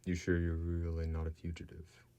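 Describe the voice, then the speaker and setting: A man's voice: low-pitched, completely flat delivery, moderate pace, mellow. A man voicing a warrior's wife who speaks hard and clipped. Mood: guarded.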